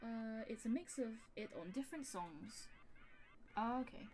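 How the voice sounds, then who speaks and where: A young woman chatting casually on a livestream while producing music, thinking out loud and drifting into soft asides. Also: a little high, animated, normal speed, slight background noise.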